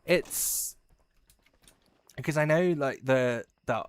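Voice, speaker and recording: A slow, smooth mid-range voice belongs to an Englishman with some Midlands in his accent, rambling and swearing freely as he livestreams a game. There's no echo.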